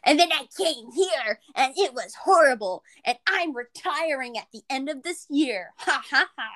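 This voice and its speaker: A woman's voice: high-pitched, animated, normal speed, sharp tone, voice pushed up. A young woman mimicking a smug, bitter male former teacher in a sing-song mocking tone.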